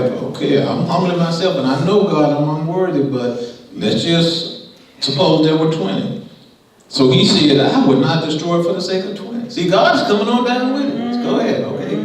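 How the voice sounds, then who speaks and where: A man preaching a sermon, reading scripture and paraphrasing it in a lively, conversational way. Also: on the high side. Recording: echoey room from far off.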